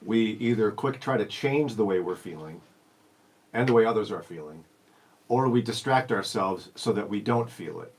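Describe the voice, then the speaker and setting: A man's voice: lowish voice, animated, moderate pace. A man hosting a radio show, talking in an easygoing, teasing and reflective way in casual chat. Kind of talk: casual live-stream chat.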